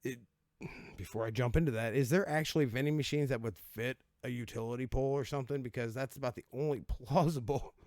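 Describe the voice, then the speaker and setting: Male host, wry profane riffing, laughs often, average pitch, dry booth sound. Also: fast talker, a little mellow, dry recording. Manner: sarcastic, profane, laughing asides, mock voices. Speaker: host reacting to odd laws. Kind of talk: casual comedic commentary.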